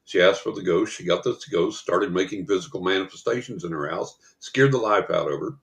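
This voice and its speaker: An older man, a psychic guest in an interview, telling anecdotes in a lively way and acting out the people in them. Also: sits low, a little fast, creaky. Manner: lively storyteller who acts out the people in his anecdotes. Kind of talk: storytelling in a podcast interview.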